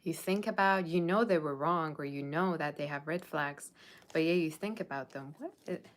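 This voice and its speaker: In a casual tarot monologue, a Persian Russian woman addresses her viewers at a moderate pace with a deep voice. Her manner is blunt and sassy, and she takes them to task over their standards.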